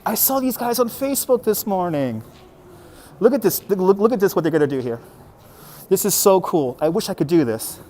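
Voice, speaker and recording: A man's voice: high-pitched, lively intonation, fairly quick, mellow, slight background noise. A man livestreaming as he walks a city street and into a market, chatting to viewers and laughing often, recorded on a phone on a handheld gimbal. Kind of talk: live walking stream commentary.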